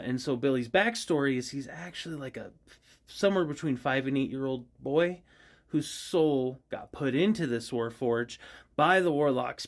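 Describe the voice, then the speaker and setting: A man chatting casually about his characters, rambling and giggling, with lots of fillers. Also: mid-range voice. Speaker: voice actor vlogger. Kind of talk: casual chat.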